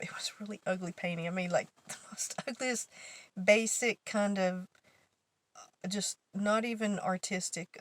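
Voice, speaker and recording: A woman's voice: medium pitch, dry recording. A woman vlogger casually telling a story, rambling and correcting herself as she goes, laughing often.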